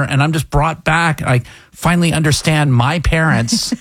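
A man hosting a morning radio show, telling stories in a casual, animated, mock-exasperated way into a studio mic. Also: on the high side, normal speed, no echo. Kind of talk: casual on-air chat.

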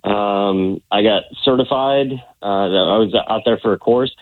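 A man's voice: fairly low pitch, no echo. Caller, a man in his forties, cheerful and stop-start, heard over a phone line. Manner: upbeat, laughing, halting. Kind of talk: phone call-in chat.

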